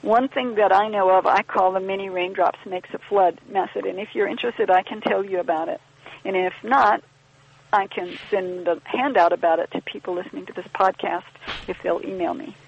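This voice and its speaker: A woman's voice: mid-range voice, fairly even intonation, normal speed, vocal fry, a little hiss or hum. A woman guest on a podcast, explaining ideas in a thoughtful, wry conversational way and acting out little quoted exchanges. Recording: dull lo-fi podcast audio.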